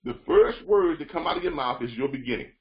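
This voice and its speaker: A man leading a training call, coaching listeners with repetitive, animated talk. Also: fairly high pitch, a little fast, highs cut off. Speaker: freight broker trainer.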